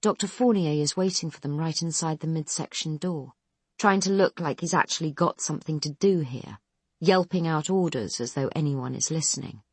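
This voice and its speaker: Woman audiobook narrator, low voice, husky, steady telling, dry studio sound. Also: moderate pace, no room sound.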